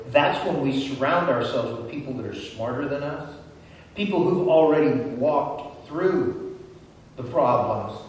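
A man preaching a sermon in church, speaking slowly and deliberately. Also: mid-range voice, a little mellow. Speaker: pastor. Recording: echoey church hall from a distance.

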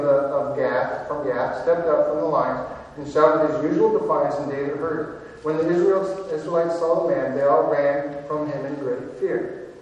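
A man's voice: a little high, muffled recording. A man preaching a sermon, telling a Bible story in a folksy way and reading scripture aloud. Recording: echoey hall from far off.

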